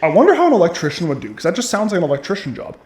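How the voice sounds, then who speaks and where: A man's voice: high-pitched, huge pitch swings, very fast, over a noisy crowd. A man co-hosting a podcast who chats casually, cracks jokes and laughs often. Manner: chatty and joking, laughs often. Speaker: podcast co-host. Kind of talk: casual chat.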